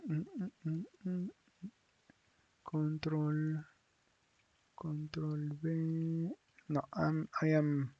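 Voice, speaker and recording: A man teaching a lesson, thinking aloud slowly with hums and restarts as he works on screen. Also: on the high side, gravelly, darkish tone, dry recording, muffled recording. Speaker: Spanish teacher. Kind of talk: screen-share language lesson.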